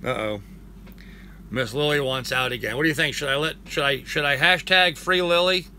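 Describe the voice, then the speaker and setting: A man's voice: a little high, normal speed, bright, forceful tone, a little hiss or hum. An older man hosting a casual live chat from home. He rambles, thanks viewers by name and coos at his dog. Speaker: live-stream host.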